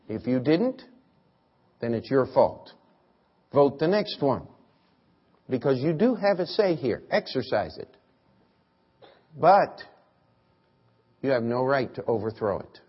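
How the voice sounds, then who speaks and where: A man's voice: medium pitch, lively intonation, slow pace, long pauses, husky. A man preaching a sermon, emphatic and asking the congregation rhetorical questions. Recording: muffled lo-fi sermon recording.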